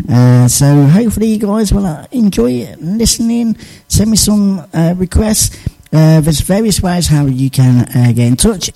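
A man's voice: a little high, mellow, recorded from a distance, rough recording. A man presenting a casual radio show from the studio, chatting and joking with many fillers.

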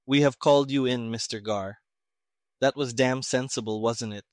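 A man voicing a sarcastic, irritated older army colonel who talks gruffly and emphatically. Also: mid-range voice, moderate pace, no echo, clean studio sound, natural voice.

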